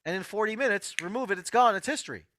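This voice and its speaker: A man's voice: high voice, fast, a bit bright, dry recording. A man hosting an online healing workshop, giving an emphatic motivational health lecture and repeating his key phrases straight to his listeners.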